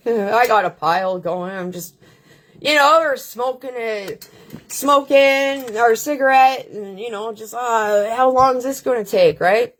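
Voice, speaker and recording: A middle-aged woman from Canada hosting a live stream, telling stories in a blunt, profane, casual way. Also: on the high side. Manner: blunt, profane, unhurried with frequent filler questions. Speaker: channel host. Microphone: webcam or phone on a live stream.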